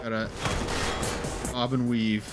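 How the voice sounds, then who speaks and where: A man's voice: mid-range voice, level tone, takes it slowly, over loud music. A man streaming a game, musing aloud in a rambling, hesitant way. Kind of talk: casual gameplay commentary.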